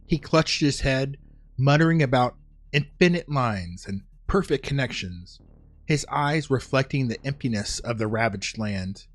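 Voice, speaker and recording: A man reading a dark short story aloud in a solemn, measured way. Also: mid-range voice, no room sound. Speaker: narrator. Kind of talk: scripted story narration.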